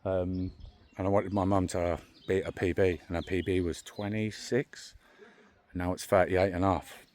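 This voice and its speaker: A man's voice: deep voice, little pitch movement, moderate pace, darkish tone. A man vlogging his fishing trip in casual chat, calling everyone mate, recorded outdoors by a lake on a phone. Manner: chatty, calls everyone mate. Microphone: handheld phone.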